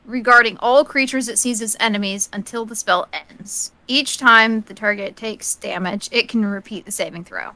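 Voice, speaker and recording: A woman's voice: on the high side, moderate pace, few pauses, sharp tone, no room sound, poor audio. A woman player in a tabletop game, reading out spell rules plainly. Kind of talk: casual tabletop game chat.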